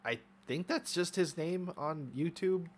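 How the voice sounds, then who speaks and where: Excitable young man commentating gameplay. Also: on the high side, measured pace, slight background noise. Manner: excitable, swears often, trash-talks opponents. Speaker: gaming YouTuber.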